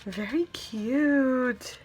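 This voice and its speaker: A woman crafting host opening birthday mail and gushing excitedly over each card and gift. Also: sits high, very slow, a little hiss or hum. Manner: gushing, excitable, reads cards aloud. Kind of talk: casual unboxing chat.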